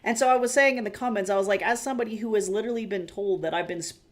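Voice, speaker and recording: A woman's voice: medium pitch, racing. A woman streamer chatting casually, rambling and swearing as she tells stories. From United States. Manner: rambling, swearing, animated storytelling. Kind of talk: casual chat while drawing.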